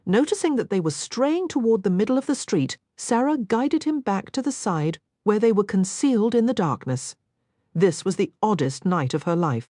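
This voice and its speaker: A woman narrating a romance audiobook with expressive reading, recorded dry and close. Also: medium pitch, normal speed, dry recording. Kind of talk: scripted narration.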